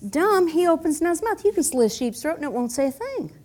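An animated woman teaches a Bible lesson with props, her high voice swooping widely as she acts out scenes. She keeps it playful with chuckling asides. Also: quick pace.

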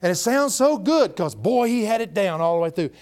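A middle-aged pastor preaches in a folksy, animated way. His voice sits fairly high for a man and swings up and down as he builds his points. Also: fairly quick. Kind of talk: sermon.

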